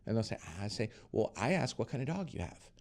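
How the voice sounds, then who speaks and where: A middle-aged man hosting a casual interview, talking in a lively way and acting out the voices of people he quotes. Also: mid-range voice, fast, vocal fry. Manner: animated, acts out quoted voices. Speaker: podcast host.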